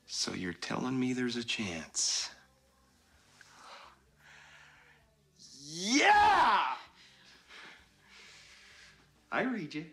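A man's voice: medium pitch, big pitch swings, a little slow, gravelly, fairly bright tone, breathy edge, full character voice. An actor playing an awkward, lovestruck man who stumbles over his words in a comedy film scene. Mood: hopeful. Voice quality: nervous, stumbling, eager.

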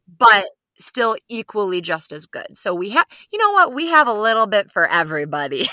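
A woman's voice: mid-range voice, big pitch swings, normal speed, bright, forceful tone, no echo. A woman co-hosting a podcast, chatting in an effusive, upbeat way with her friend. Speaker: podcast co-host. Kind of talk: casual podcast chat.

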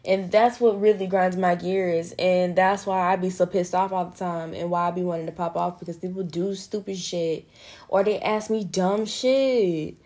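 A woman's voice: lowish voice, steady tone, normal speed, a little mellow. A young woman hosting a podcast in casual, frank monologue, swearing freely and calling listeners girl and honey. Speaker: podcast host.

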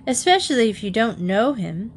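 A woman voicing a sensible, thoughtful young girl who speaks quietly and reasonably. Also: on the high side, very animated, moderate pace, slightly rough, voice pushed up, full character voice. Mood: concerned.

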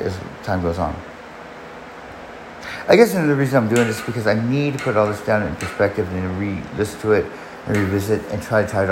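A man's voice: lowish voice, echoey room, noisy background. A man casually telling a personal story in a rambling way, restarting often and swearing. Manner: rambling, frequent restarts and profanity.

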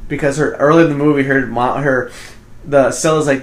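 A man recapping a film in a relaxed podcast chat, speeding up in bursts and jumping into voices for the characters. His voice sits at an ordinary middle pitch. The room gives it a noticeable echo. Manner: rambling retelling, quick bursts, acts out quotes. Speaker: podcast co-host. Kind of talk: casual movie review chat. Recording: roomy echo.

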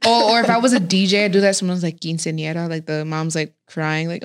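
A woman's voice: lowish voice, steady tone, fast. A teenage girl hosting a casual podcast chat, playful and bossy, often giggling. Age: teens. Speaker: podcast host.

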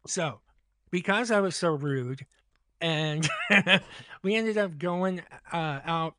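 A man's voice: on the high side, slow, bright, forceful tone, no echo, studio quality. A man casually telling a long anecdote on a podcast, acting out both sides of the dialogue. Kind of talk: casual storytelling.

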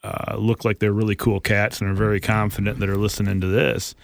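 Low gravelly man, encouraging. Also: flat delivery, fairly quick, dry recording. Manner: encouraging, preacherly. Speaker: podcast co-host. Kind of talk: casual faith podcast chat.

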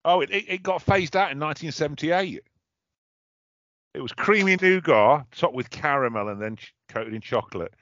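A man's voice: a little high, lively intonation, normal speed, a bit bright, dry recording. Chatty man, lo-fi podcast. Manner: chatty, looks things up while talking, self-interrupting. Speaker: podcast co-host. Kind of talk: casual chat. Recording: dull lo-fi dry recording.

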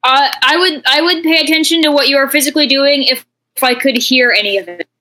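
A woman playing in an online tabletop game, talking in an excitable, rambling way with the odd swear word. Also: high-pitched, quick pace. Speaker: tabletop role-play player. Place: online voice call. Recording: noisy voice call with keyboard typing.

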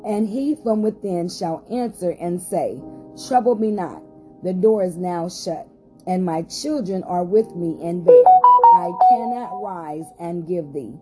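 A woman's voice: fairly low pitch, a little slow, over loud music. A woman pastor hosting a short podcast Bible study, reading scripture aloud with rising emphasis and some hesitant fillers.

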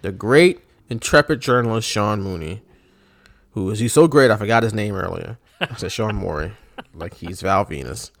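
A man's voice: on the low side, normal speed, vocal fry. A man co-hosting a podcast, chatting casually with laughs and joking asides. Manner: laughing, animated, mock-shouting bits. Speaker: podcast co-host. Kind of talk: casual chat.

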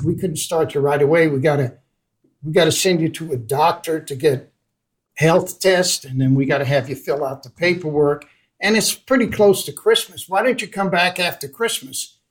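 An older man from the Netherlands, a guest in an interview, telling a personal story in a lively way and acting out the lines of the people in it. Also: a little high, normal speed, poor audio. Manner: animated storyteller who acts out dialogue. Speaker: guest investor.

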